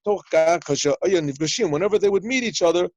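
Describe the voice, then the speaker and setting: Man teaching a Torah lesson, slightly higher voice. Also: takes it slowly, a little mellow, no room sound, low-quality recording. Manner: explains in plain talk, translating Hebrew phrases as he goes; retells stories with small acted dialogue. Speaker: rabbi teaching a yeshiva class. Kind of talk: Torah lesson over a video call.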